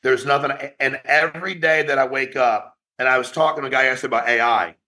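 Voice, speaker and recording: A man who founded a company, giving a blunt, profane motivational talk to his sales agents in an online meeting, rapid-fire and challenging. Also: medium pitch, steady tone, pushed and bright.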